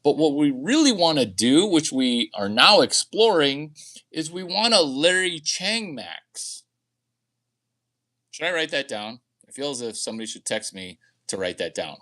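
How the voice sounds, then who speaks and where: A man's voice: a little high, big pitch swings, unhurried, bright, forceful tone. A man talking to camera in a rambling, crude, boastful monologue, often laughing at his own jokes. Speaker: vlogger.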